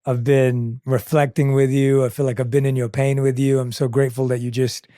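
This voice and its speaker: A man hosting a podcast interview, asking questions and thanking his guest calmly and appreciatively. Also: mid-range voice, fairly quick, no room sound, studio quality. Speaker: podcast host.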